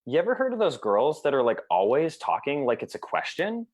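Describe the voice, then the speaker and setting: Male sales coach, mid-pitch, loose chatty delivery with filler words. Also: big pitch swings, brisk. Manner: casual, fills speech with "like", swears. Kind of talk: casual podcast chat.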